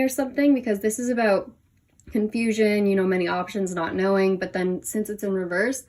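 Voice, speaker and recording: A woman's voice: medium pitch, fairly even intonation, a little fast, darkish tone. A young woman doing a casual tarot reading at home, talking with many fillers and a little out of breath as she leans over her cards. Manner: chatty, many "like" and "um" fillers, laughs at herself. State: a bit out of breath. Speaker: tarot reader. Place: home room, kneeling over cards on the floor.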